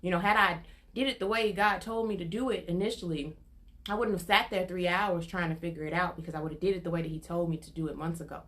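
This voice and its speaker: A woman's voice: on the low side, fairly even intonation, fast talker, a bit bright. Earnest woman giving a prophetic word. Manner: earnest and repetitive, building in intensity. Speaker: prophetic minister. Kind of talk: informal prophetic testimony.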